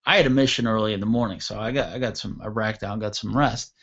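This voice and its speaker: Animated man telling a crude story. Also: on the low side, fast. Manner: animated, acts out voices, crude humor. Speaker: radio show host. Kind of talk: casual storytelling chat. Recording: dull lo-fi radio show audio.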